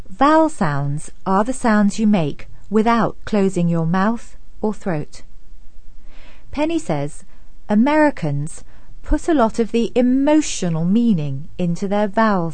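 Presenter: woman, slow deliberate scripted delivery, lively pitch, dry studio sound. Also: no echo. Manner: clear and deliberate, stressing key words.

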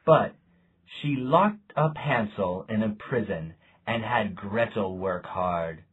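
Slow, husky male storybook narrator. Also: lowish voice, phone-quality sound. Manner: slow, deliberate, lively intonation. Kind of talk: storybook reading.

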